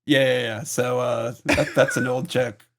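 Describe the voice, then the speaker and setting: A man's voice: mid-range voice, level tone, measured pace, a little hiss or hum. A man co-hosting a podcast, laid-back in casual chat with short agreeing replies. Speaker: podcast co-host.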